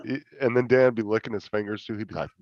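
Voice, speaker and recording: Brief: low male voice, chatty and profane, slightly muffled lo-fi sound. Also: steady tone, very fast, dry recording. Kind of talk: casual podcast banter.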